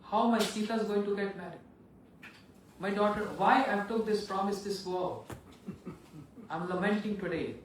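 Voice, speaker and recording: A man's voice: extremely high pitch, measured pace, fairly bright tone, far from the mic, a little hiss or hum, pitched above the performer's own voice. A man voicing a grieving old king, lamenting. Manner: lamenting, pleading. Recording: echoey hall, voice from afar.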